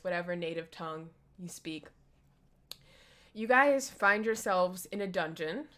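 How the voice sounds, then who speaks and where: A woman's voice: on the low side, fairly bright tone. A woman running a tabletop game as dungeon master, setting the scene in a loose, chatty way.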